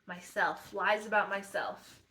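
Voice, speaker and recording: Soft-spoken young woman, thinking aloud. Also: medium pitch, steady tone, measured pace, slight background noise. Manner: addresses viewers directly and earnestly. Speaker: self-help vlogger. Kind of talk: reflective personal vlog.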